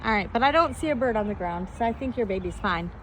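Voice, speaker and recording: A woman vlogging outdoors in her backyard, talking to the camera and coaxing a bird in a high sing-song voice. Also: lively intonation, quick pace, slight background noise.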